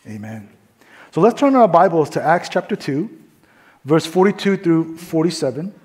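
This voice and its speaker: At a normal pace, in a slightly high and animated voice, a male pastor gives a casual sermon with many fillers, telling a story and playing out its different voices. He goes softly hushed in prayer.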